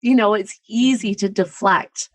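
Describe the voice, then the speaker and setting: A woman talking candidly in a relaxed podcast conversation, laughing easily and lifting her voice when she quotes people. Her voice sits in a middle range and sounds dry and close, with no room around it. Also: mid-range voice, measured pace, dry recording. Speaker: podcast guest.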